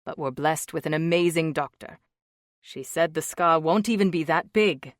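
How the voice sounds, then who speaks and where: A woman's voice: low-pitched, normal speed, dry recording, clean studio sound, close to an everyday voice. A woman voicing a tender, joking young husband. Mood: teasing. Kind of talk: audiobook character voice.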